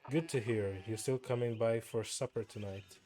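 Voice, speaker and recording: A man's voice: mid-range voice, normal speed, dark tone, slight background noise, close to an everyday voice. A man reading aloud the lines of a friendly, chatty village printer from a story game. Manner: reads game dialogue aloud in a plain voice.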